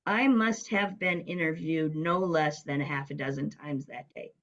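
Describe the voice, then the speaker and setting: Middle-aged woman, interview guest, animated anecdote teller, voices other people when she quotes them. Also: deep voice, normal speed, dull audio. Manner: lively storyteller who acts out quoted voices. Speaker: guest, business coach. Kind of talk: casual storytelling interview.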